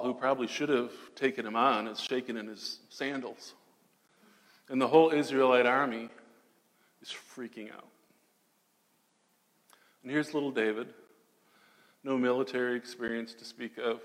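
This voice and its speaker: A man preaching a sermon dramatically, moving between loud declarations and hushed, almost whispered passages. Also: mid-range voice, steady tone, unhurried, long pauses, long reverb tail. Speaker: pastor.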